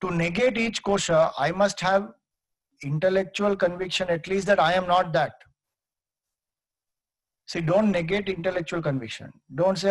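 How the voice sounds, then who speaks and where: Indian male teacher, fairly high husky voice, dry close sound, patient storytelling lecture. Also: moderate pace, long pauses, no echo, poor audio. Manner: explains patiently, tells stories with acted-out quotes; mixes in Hindi phrases. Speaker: Vedanta teacher. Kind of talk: spiritual lecture.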